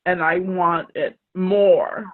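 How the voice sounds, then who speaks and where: Woman, earnest, halting, tearful, tinny phone-like video call audio. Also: fairly low pitch, steady tone. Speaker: group participant. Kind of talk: emotional personal sharing.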